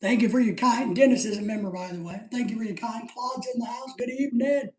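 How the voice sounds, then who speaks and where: A man's voice: very high voice, fast talker, a crowd in the background. A middle-aged man hosting a live stream in casual chat, reading out viewer comments, rambling and joking, laughing often. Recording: roomy echo.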